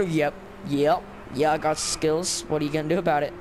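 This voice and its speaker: A man's voice: a little high, flat delivery, moderate pace. A man giving casual, sarcastic let's-play commentary while grumbling at the game. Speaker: gameplay commentator. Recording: clear background noise with game car sounds.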